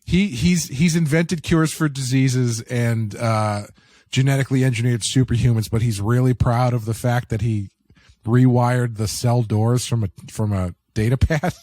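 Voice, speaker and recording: Rambling male co-host, casual cussing, mid pitch, dry close mic. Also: fairly even intonation, moderate pace, warm tone, dry recording. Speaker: podcast co-host. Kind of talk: casual review chat.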